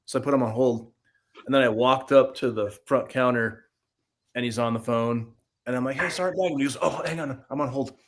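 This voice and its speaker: A man tells a casual anecdote in plain speech at a middle pitch. He acts out both voices of a phone call as he goes. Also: brisk, slight background noise. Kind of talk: casual storytelling.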